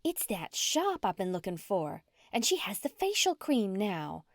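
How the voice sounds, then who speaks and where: A woman's voice: very animated, measured pace, dry recording, clean studio sound. A woman voicing a pushy, plump middle-aged female customer with a Southern accent who berates her husband. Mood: eager. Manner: bossy, berating, shrill demands.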